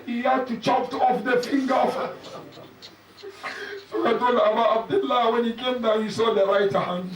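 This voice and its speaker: Sheikh doing a mournful sermon, very high voice, rings around a big hall, far off the mic. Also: male voice, steady tone, moderate pace. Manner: emotional recital, breaking into raised cries. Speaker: sheikh giving a Muharram lecture. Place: mosque hall. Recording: echoey hall from far off, faint noise.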